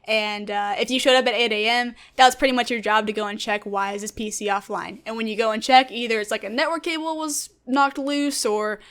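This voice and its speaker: A woman's voice: a little high, fairly quick, hardly any pauses, smooth. A young woman in her twenties chatting enthusiastically in a casual vlog about her past jobs. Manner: chatty, enthusiastic, animated storyteller. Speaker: gaming YouTuber and streamer.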